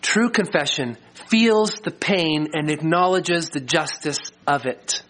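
A middle-aged man preaching a sermon as a pastor, earnest and slowing down to stress key lines. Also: a little high, animated, a bit bright. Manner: earnest, slows for emphasis.

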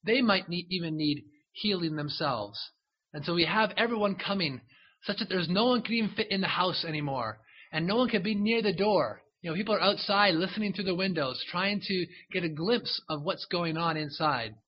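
Husky-voiced man preaching conversationally. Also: high-pitched, normal speed, lo-fi sound. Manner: conversational storytelling with frequent asides to listeners. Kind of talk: sermon, retelling a Bible story.

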